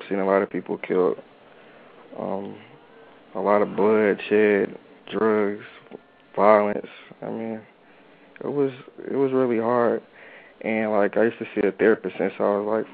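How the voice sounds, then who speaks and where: A man's voice: on the low side, little pitch movement, unhurried, gravelly. A young man from North Carolina, earnestly recounting his own story as an interview guest, with lots of "like" and "you know". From Charlotte, North Carolina. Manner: earnest, informal, says "like" and "you know" a lot. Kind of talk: personal storytelling. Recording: tinny phone-like radio audio.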